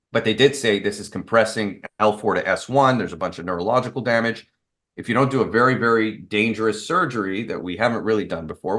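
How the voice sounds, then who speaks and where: The martial arts expert, a lowish, slightly bright-voiced man, is a guest on an interview show. He tells casual stories candidly, though he rambles and keeps restarting with fillers.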